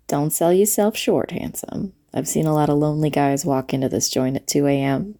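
A woman playing a flirty late-night diner waitress in an audio role-play, talking to the listener in a teasing way with breathy asides. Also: deep voice, warm tone, heavily acted.

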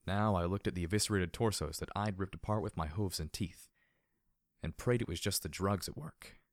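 A man doing steady, low-key first-person audiobook narration. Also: a little fast, no echo, studio quality.

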